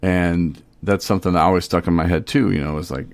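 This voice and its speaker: Low gravelly laid-back man. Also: fairly even intonation, brisk, no echo. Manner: rambling, laid-back storytelling. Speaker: podcast host. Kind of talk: casual podcast chat.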